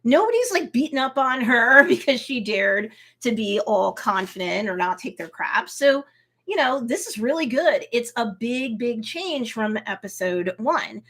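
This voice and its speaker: Woman, show host, casual episode review, fairly high voice, lively recap, motherly advice. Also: measured pace. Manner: lively recap, acting out characters' reactions.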